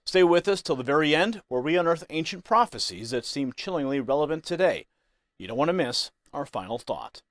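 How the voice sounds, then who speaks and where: A man's voice: fairly high pitch, no echo. Brief: male voice-over narrator, scripted news special, grave emphasis, dry studio sound. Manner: ominous, emphatic delivery.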